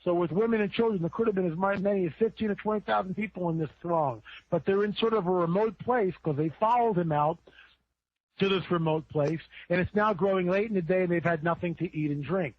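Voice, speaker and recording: A man's voice: high-pitched, fairly quick. A man, a podcast guest, preaching in a casual way, often repeating words and building up with rising emphasis. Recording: dry tinny phone line.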